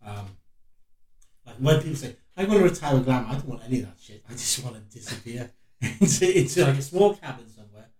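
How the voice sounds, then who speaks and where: A man's voice: mid-range voice, lively intonation, fairly quick, a little mellow, distant mic. A British man co-hosting a podcast in casual chat, swearing freely and teasing his co-host. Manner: sweary, banterous, mock-insulting. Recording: roomy, off-mic sound.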